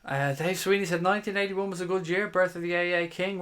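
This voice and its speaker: A man's voice: sits high, brisk, few pauses, fairly bright tone. A man in his thirties hosting a live stream, casually reading viewer comments aloud in a chatty, matey way and swearing now and then. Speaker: fan channel host.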